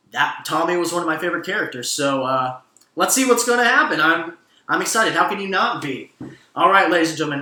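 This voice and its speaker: Excitable male host, bright forceful voice, echoey room, laughs often, casual and profane. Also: fairly high pitch. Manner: excitable, laughing, profane, addresses "ladies and gentlemen". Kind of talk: casual entertainment news commentary.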